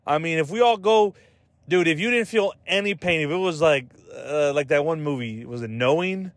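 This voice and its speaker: A man's voice: a little high, moderate pace, no echo. A man hosting a podcast in a casual, rambling chat, swearing freely, leaning on "like" and "dude" and laughing at his own jokes. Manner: loose and profane, heavy on "like" and "dude", trailing restarts. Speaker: podcast host.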